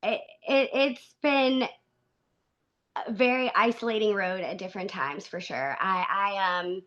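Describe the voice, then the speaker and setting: A woman speaking as a podcast guest in an earnest, halting way, often restarting her sentences. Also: mid-range voice, fairly bright tone, lo-fi sound. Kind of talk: conversational interview.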